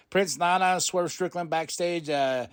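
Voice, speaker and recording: A man hosting a podcast, casually recapping a show, excitable, laughing often and swearing freely. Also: on the high side, slow pace, clear, resonant tone. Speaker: podcast host.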